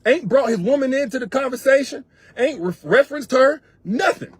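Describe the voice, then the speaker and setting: A male relationship coach talks straight to his audience in a high, husky voice, hammering points home with repetition and loose, colloquial phrasing. The sound is close and dry, with no room around it. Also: animated, moderate pace, no echo. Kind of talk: direct advice monologue to viewers.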